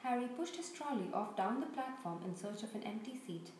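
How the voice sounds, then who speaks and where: A woman reads a children's story aloud in an expressive, steady way. Her voice sits somewhat high. The recording has heavy room echo and a faint background hiss. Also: fairly quick. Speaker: reader. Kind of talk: storybook read-aloud narration. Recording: very echoey room, faint noise.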